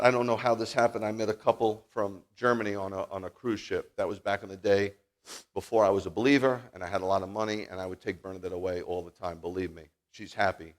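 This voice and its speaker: A man leading a Shabbat service, preaching a sermon that mixes scripture with folksy personal stories, swinging from loud declarations to quiet asides. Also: on the low side. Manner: folksy, joking, talks straight to the congregation. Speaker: congregation leader preaching.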